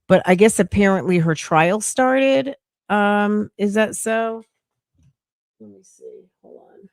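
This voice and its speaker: A woman's voice: medium pitch, slow, smooth, no echo. A middle-aged woman hosting a casual livestream, reading news aloud, reacting bluntly and greeting viewers by name with pet names. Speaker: livestream host.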